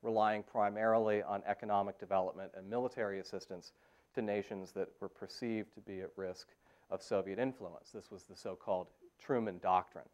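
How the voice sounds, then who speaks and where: Male history professor, lower voice, lecture delivery with frequent "uh" pauses. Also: steady tone, darkish tone. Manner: frequent "uh" fillers and restarts. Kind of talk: academic lecture. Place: university lecture hall.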